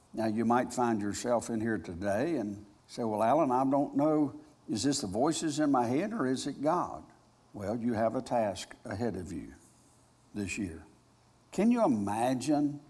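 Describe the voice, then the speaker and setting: A male pastor preaching a sermon, telling a story dramatically and moving between loud and hushed delivery. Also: fairly low pitch, breathy edge. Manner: dramatic storytelling with big swings in loudness. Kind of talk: sermon with a retold personal story.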